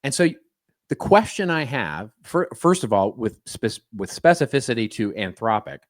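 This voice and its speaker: A man's voice: medium pitch, big pitch swings, normal speed, dry recording, studio quality. A man co-hosting a podcast in casual chat, wry and skeptical, often stumbling and restarting his words. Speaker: podcast co-host.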